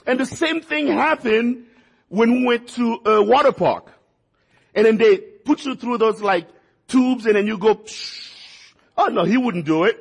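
A man with a high, husky voice preaches a sermon in a folksy storytelling way. He repeats words and phrases for emphasis. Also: a little slow.

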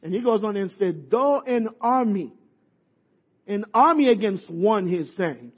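Slow, husky high-voiced male preacher. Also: expressive. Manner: impassioned, with soft drops and shouted peaks. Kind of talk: sermon. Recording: muffled lo-fi sermon recording.

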